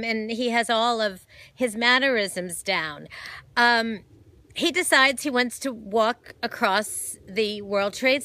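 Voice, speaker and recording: A woman's voice: a little high, pushed and bright. A woman hosting a casual film review vlog, chatty and rambling, with many fillers, self-corrections and gushing enthusiasm. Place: home, holding a dog.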